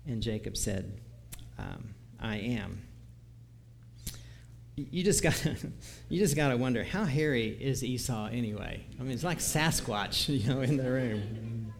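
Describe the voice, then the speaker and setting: A man's voice: medium pitch, expressive, moderate pace, creaky, hardly any pauses, a little hiss or hum. A man preaching a conversational sermon, reading scripture aloud and chuckling at his own asides.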